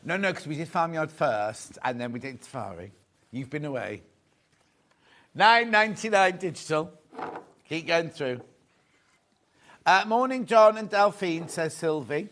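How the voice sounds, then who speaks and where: Chatty TV sales host, higher-pitched man. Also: lively intonation, measured pace, pauses often, sharp tone. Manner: chatty, jokey, self-correcting as he goes. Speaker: shopping TV presenter. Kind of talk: live selling chat, reading viewer messages. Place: TV studio.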